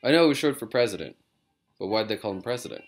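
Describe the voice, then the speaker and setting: A man talks casually from his living room, rambling from one digression to the next with self-mocking humor. His pitch rises and falls with lively swings. Soft music plays faintly underneath. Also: fast talker. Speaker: comedian vlogger.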